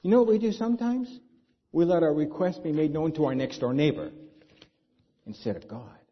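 A man's voice: a little high, normal speed, husky. A man preaching a sermon as pastor, talking conversationally and asking the congregation rhetorical questions. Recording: dull lo-fi sound.

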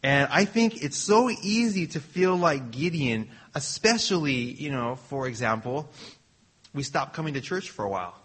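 A man's voice: a little high, animated, normal speed, fairly bright tone, breathy edge. A man preaching a sermon in an earnest, personal way, often restarting his phrases.

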